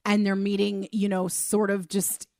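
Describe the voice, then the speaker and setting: A woman's voice: mid-range voice, completely flat delivery, a little slow, dark tone, dry recording, studio quality. A woman co-hosting a podcast in casual film review chat, emphatic and exasperated, speeding up when heated. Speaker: podcast co-host.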